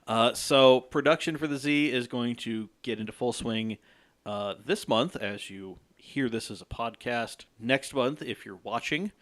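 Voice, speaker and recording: A man's voice: medium pitch, a little slow, a bit bright. A man hosting a podcast in casual chat with friends, laughing often and swearing freely. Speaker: podcast host. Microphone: studio microphone.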